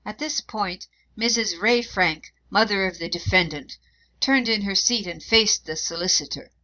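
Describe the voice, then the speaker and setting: A woman narrating a historical account in a measured, even reading voice. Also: mid-range voice. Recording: dull lo-fi recording.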